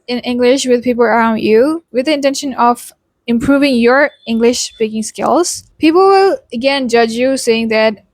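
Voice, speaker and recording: A woman's voice: fairly high pitch, normal speed, dry recording, studio quality, soft background music. A woman from India chatting casually in a vlog, explaining accent practice with "you know" asides and tag questions. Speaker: YouTuber teaching accents.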